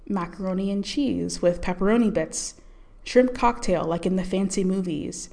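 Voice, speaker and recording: A woman reads a story aloud with calm, measured pacing. Her voice sits a little low for a woman, and she tells the story steadily. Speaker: narrator. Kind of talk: scripted audiobook narration.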